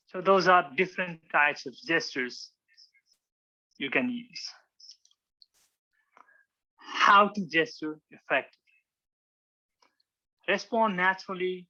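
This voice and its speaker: Brief: male speaking coach, fairly high bright voice, dull lo-fi recording. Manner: demonstrative, acts out examples, frequent restarts. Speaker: public speaking club instructor. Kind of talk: informal teaching talk with slides.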